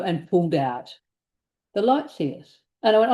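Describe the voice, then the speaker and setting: A woman co-hosting a tarot podcast, telling a story in a casual, animated way, laughing and acting out what people said. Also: fairly low pitch, moderate pace. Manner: animated, laughing, acts out quoted speech. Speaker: tarot reader and podcast co-host.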